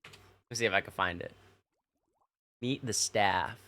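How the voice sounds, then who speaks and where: A young man with a lowish, pushed and bright voice talks a little slowly to his stream chat, casually recounting childhood stories. He rambles and swears, using plenty of fillers.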